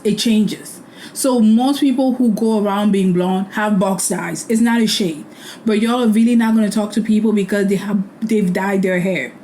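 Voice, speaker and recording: A woman's voice: medium pitch, a little mellow, slight background noise, low-quality recording. A young woman hosting a casual recap, talking bluntly and opinionated. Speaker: host.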